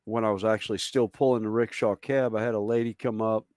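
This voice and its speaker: A man's voice: fairly low pitch, fast, no echo. Southern American man, casual storyteller, dry close mic. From southern United States. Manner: storytelling, animated anecdotes. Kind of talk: casual chat.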